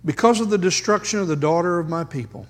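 A male pastor preaching a sermon, emphatic, with dramatic pauses and rhetorical questions, in a church sanctuary. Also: high voice. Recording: long hall reverb.

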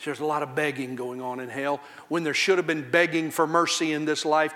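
A man preaching a sermon from a church pulpit, his voice bright and a touch high. He swings between loud, soaring outcries and low, hushed warnings. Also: level tone, brisk. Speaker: pastor.

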